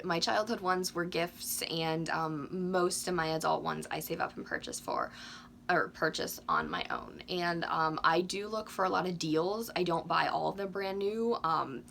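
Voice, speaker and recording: A woman in her twenties chatting casually to camera with lots of ums, a little hoarse from losing her voice. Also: on the low side, fairly bright tone, slight background noise. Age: 20s. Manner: chatty, frequent ums, candid. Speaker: doll collecting YouTuber.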